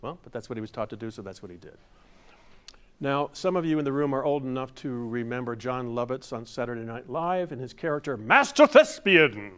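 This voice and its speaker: A man's voice: mid-range voice, fairly quick, clean tone. An older man teaching a masterclass to a live audience, guiding them through standing exercises and jokingly acting out overblown stage lines. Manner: playful, demonstrative, acts out overblown theatrical lines. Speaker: masterclass presenter. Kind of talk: workshop lesson with audience exercises.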